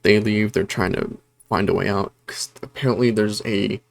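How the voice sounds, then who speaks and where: A man's voice: on the low side, steady tone, normal speed, gravelly, no echo. A man casually recapping a horror movie plot for his review channel, rambling with lots of fillers and self-corrections. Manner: self-correcting, apologetic about disorganization. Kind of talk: casual spoken film review.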